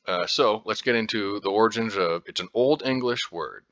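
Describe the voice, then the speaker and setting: A man's voice: on the low side, normal speed, hardly any pauses, a bit bright, no echo, dull audio. An American man talking casually as a podcast host, rambling with lots of fillers and restarts and the odd swear word. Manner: informal, occasionally profane. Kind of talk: casual explanatory talk.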